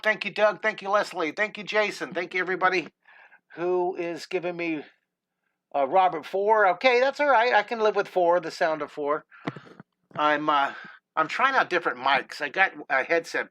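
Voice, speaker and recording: A man's voice: a little high, pushed and bright. A middle-aged man teaching a live drawing lesson, chatty and enthusiastic, greeting viewers by name, close to a desk microphone. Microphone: desk microphone close to mouth.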